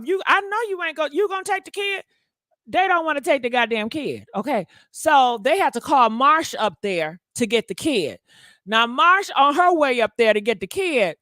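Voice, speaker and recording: A gossip show host with a high, pushed, bright voice chats casually on a livestream, recorded in clean, dry studio sound. She's sassy, speaks straight to viewers, and calls them honey.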